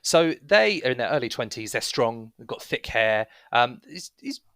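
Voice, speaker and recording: A man runs a tabletop game, narrating scenes in a loose, rambling flow full of fillers. His pitch is middling but moves lively, and the sound is dry and close. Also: normal speed, creaky, no room sound. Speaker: game master.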